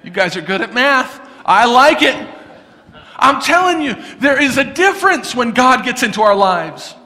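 A man preaching a sermon in a lively, conversational way. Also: very high-pitched, normal speed, in a large hall. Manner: animated, conversational preaching with acted-out quotes. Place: church sanctuary.

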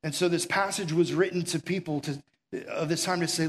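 A man's voice: on the high side, brisk. A man preaching a conversational sermon as pastor, urgent and full of rhetorical questions. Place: room with a gathered audience.

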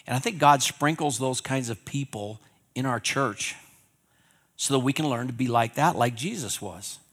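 A man preaching a sermon in a Wyoming accent, rising to loud emphatic peaks and then dropping to low, conversational asides. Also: moderate pace. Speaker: pastor.

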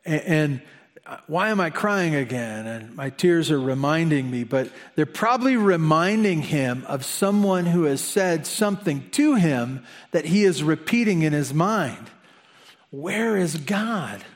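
A man's voice: on the high side, lively intonation, measured pace. A man preaching a conversational sermon, asking the listeners questions and slipping in chatty asides. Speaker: pastor.

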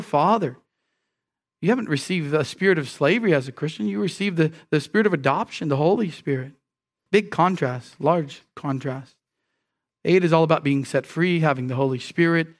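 A man preaching an expository sermon, emphatic and often repeating words as he teaches. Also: fairly high pitch.

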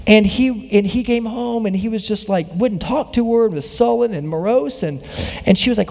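High, gravelly-voiced male pastor preaching. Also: fairly quick, a little mellow, long reverb tail. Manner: conversational preaching with self-deprecating jokes. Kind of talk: sermon. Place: church sanctuary.

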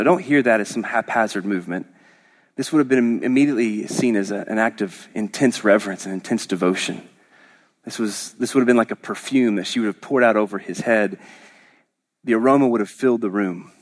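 A pastor from Oklahoma preaches a sermon in a conversational, joking storytelling style, often restarting his sentences. His voice is fairly low.

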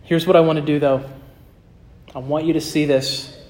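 A male pastor preaching a sermon and closing in prayer, earnest, slowing and softening his voice for emphasis. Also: on the high side, fairly even intonation.

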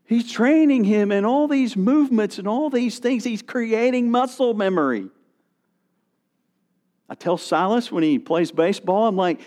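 A man's voice: high voice, expressive, unhurried, darkish tone. A middle-aged male pastor preaching a sermon, reading scripture and animating his stories with quoted voices.

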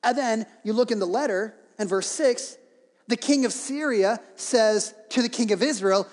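A man preaching a sermon, telling a story in a lively way with joking modern asides. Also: high voice, moderate pace. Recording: reverberant hall.

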